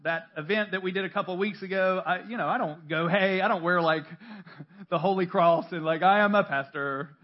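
A man's voice: high-pitched, fairly even intonation, brisk, lo-fi sound. A male pastor preaching a sermon in a church, talking conversationally with self-deprecating stories, restarts and laughter.

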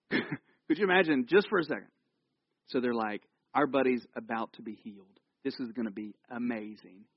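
A man giving a conversational, jokey sermon in a church, telling the story with animated asides. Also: medium pitch, normal speed, long pauses, slightly rough, no echo, lo-fi sound. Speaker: pastor.

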